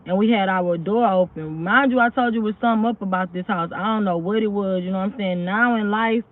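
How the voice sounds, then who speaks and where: A woman's voice: mid-range voice, fairly quick. Woman telling a story over tinny audio. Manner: rambling, keeps asking "you know what I'm saying". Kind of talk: casual spoken true story.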